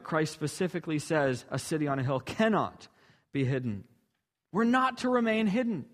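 A man's voice: high-pitched, a bit bright. A man preaching a sermon, earnest and emphatic, building to rhetorical questions.

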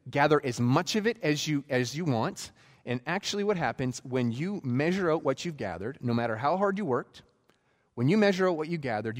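Guy preaching a sermon, acts out the quotes, echoey big hall. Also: on the high side. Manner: animated storytelling with acted quotes. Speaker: pastor.

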